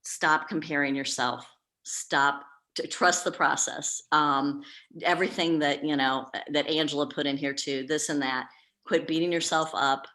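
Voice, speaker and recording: A woman with a low voice talks candidly at a group meeting, telling a personal story in a chatty way. She leans on fillers and trails off now and then. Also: fairly even intonation, unhurried, bright, forceful tone. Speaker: professional organizer. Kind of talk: casual group meeting talk.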